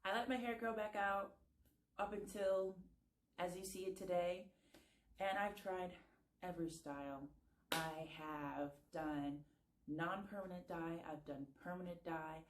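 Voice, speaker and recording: Young woman with a low voice, candid chatty vlog, echoey room with faint hiss. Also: steady tone, a little slow. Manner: candid, reflective storytelling. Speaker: vlogger. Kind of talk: casual personal vlog. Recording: roomy echo.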